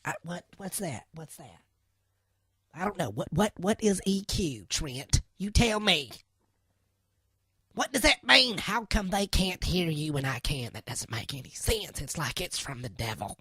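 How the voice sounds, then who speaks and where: A woman voicing a flustered, easily riled church lady in a comedy sketch, fumbling with the equipment, cursing and then apologizing in a husky voice. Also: low-pitched, animated, unhurried, no echo, clean studio sound, exaggerated voice.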